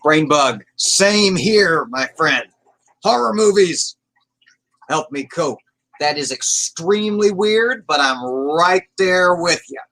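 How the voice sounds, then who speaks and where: A man chatting on a casual livestream, rambling loosely and reading out messages from chat. His voice is bright and forward, and he swears in an offhand way. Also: on the high side, expressive, slow, low-quality recording. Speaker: livestream host.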